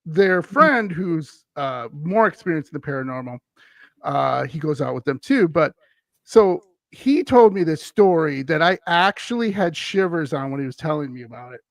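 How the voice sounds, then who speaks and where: A man from Wisconsin tells a ghost story casually, rambling with plenty of "uh"s and little chuckles. His voice is fairly high for a man and gravelly. The sound is dry and close. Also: animated, moderate pace, dry recording. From Wisconsin, USA. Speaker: guest, paranormal podcast host.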